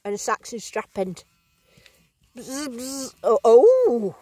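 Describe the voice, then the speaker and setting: A woman vlogging outdoors in a field, giving bubbly, excited running commentary as she digs and talking to her finds. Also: a little high, slow pace, husky, no echo. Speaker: metal detecting vlogger.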